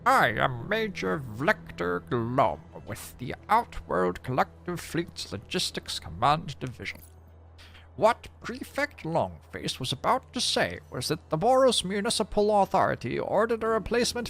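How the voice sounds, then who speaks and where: Dude voicing a clipped military major barking orders, kinda high, bouncy pitch. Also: male voice, big pitch swings, unhurried, gravelly, fairly bright tone, heavily acted. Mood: commanding. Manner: clipped and commanding. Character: brisk male military major giving orders.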